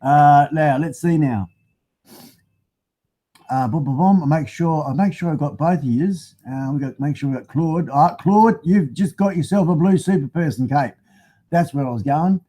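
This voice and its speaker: A middle-aged Australian man runs a live stream from his home garage packed with motorbikes, speaking into a phone he's using as a webcam. His voice sits on the high side with a dark tone and a moderate pace. He rambles and chats casually, laughs a lot, and swears mildly.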